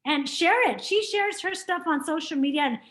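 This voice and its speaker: A woman's voice: very high voice, expressive, normal speed, a bit bright, poor audio. A woman facilitating a business workshop, speaking in an encouraging, conversational way. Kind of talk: workshop discussion.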